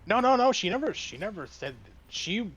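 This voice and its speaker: A man guest telling a work story in a casual, halting way, full of fillers and restarts. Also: high-pitched, big pitch swings, fairly bright tone. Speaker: streamer guest.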